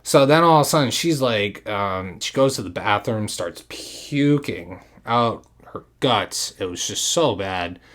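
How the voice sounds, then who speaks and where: A male podcast host tells a story in a loose, rambling way and swears casually. His voice sits at a middling pitch, and its melody swoops up and down. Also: animated, a little slow, a bit bright.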